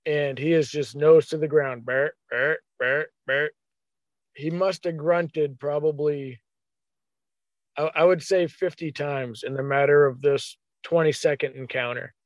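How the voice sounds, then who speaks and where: A man telling a hunting story in a casual, animated way, acting out his own thoughts as quotes. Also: a little high, measured pace, dry recording, highs cut off.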